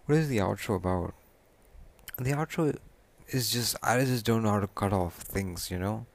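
A young man talks through his solo podcast in a loose, rambling way, often stopping to correct himself. His voice sits very low with a gravelly fry. It stays a casual, unscripted chat. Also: moderate pace. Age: young adult. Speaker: podcast host.

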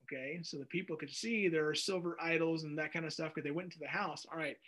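A man teaching a Bible study in a casual, animated way, reading scripture aloud and breaking in with jokey asides. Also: on the high side, fast.

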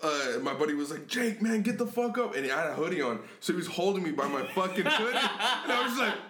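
A young man co-hosting a podcast, telling a story in a casual chat, animated, laughing often and swearing a lot. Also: fairly high pitch, quick pace, crowd noise. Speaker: podcast co-host. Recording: echoey room.

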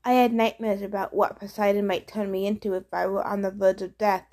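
A woman's voice: mid-range voice, little pitch movement, fairly quick, darkish tone. A woman reading a first-person story aloud in a wry, conversational way. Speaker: audiobook reader.

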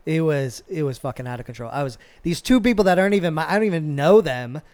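A man hosting a podcast, telling a work story in a casual, animated and profane way. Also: fairly high pitch, quick pace, no room sound. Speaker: podcast host.

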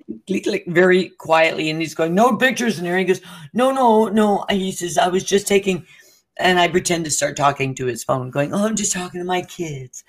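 She speaks at a moderate pace with a fairly low pitch, co-hosting a casual chat. Her long story comes alive as she voices the characters' lines and breaks into laughter.

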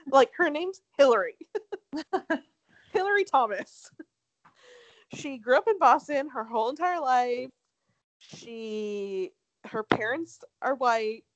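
A woman's voice: high-pitched, lively intonation, slow, pauses often. A young woman co-hosting a podcast, gossiping casually in slangy, laughing chat. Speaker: podcast co-host.

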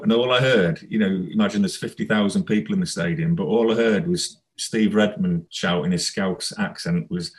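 A man, a former footballer, telling stories in a relaxed, rambling interview. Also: deep voice, moderate pace, hardly any pauses, poor audio. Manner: rambling, anecdotal, laughs while telling. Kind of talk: casual storytelling interview.

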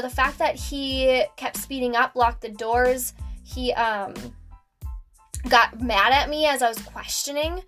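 A woman's voice: sits high, a bit bright. A young woman hosting a podcast, telling a story casually with lots of fillers. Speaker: podcast host.

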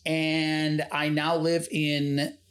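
A man's voice: a little high, flat delivery, extremely slow, a bit bright. A man from Michigan, a guest on a casual podcast, telling rambling anecdotes and often chuckling. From Michigan, USA. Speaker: guest, convention organizer.

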